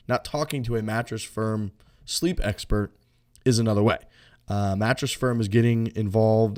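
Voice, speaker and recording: Low-voiced man rambling through a podcast ad. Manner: relaxed, rambling, many fillers. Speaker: podcast co-host. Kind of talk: casual podcast chat and loose ad read.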